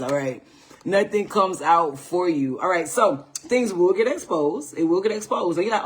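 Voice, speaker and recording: A woman from the United States giving a live tarot reading on a livestream, playful and animated, swearing freely and checking in with "all right?" after her points. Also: fairly low pitch, normal speed. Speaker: tarot reader hosting a livestream.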